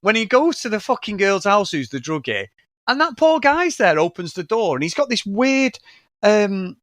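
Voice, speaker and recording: A man co-hosting a casual film-review podcast, talking in an excitable, sweary way and laughing often. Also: high-pitched, normal speed, no room sound, clean studio sound. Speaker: podcast co-host reviewing films. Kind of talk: casual chat.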